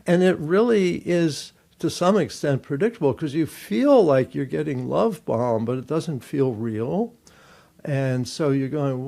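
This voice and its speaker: Gravelly older man explaining calmly. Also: a little high. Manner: measured, explanatory, thinks aloud. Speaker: guest author and therapist. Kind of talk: conversational interview answers.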